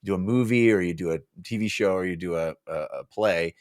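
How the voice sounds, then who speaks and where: A man co-hosting a casual book-club podcast, retelling scenes with laughter and putting on quick character voices. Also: deep voice, clear, resonant tone, dry recording, clean studio sound. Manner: animated, acts out characters with laughter. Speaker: podcast co-host.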